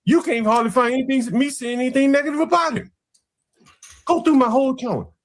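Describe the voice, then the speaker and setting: A man on a live stream arguing heatedly and calling people out. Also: fairly quick. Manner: confrontational, swings between high and low pitch. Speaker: stream guest.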